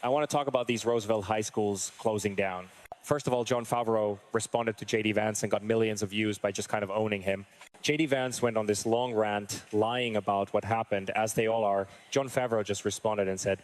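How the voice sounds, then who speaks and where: A male political commentator with a somewhat low voice runs through the news in an online commentary. His reactions are blunt and exasperated. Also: fairly even intonation, a little fast.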